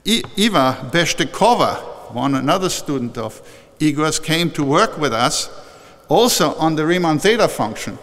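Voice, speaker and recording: An older man giving a warm, conversational acceptance speech at a formal ceremony, often restarting and correcting himself. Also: fairly high pitch, very animated, normal speed. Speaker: honorary doctorate recipient giving an acceptance speech. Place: large historic chapel hall. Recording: long reverb from a large hall.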